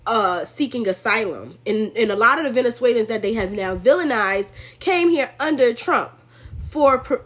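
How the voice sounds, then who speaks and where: A woman hosting a casual political commentary, talking loosely and acting out quotes in put-on voices. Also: fairly high pitch. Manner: animated, acts out quotes in put-on voices, laughs often. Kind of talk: casual opinion monologue.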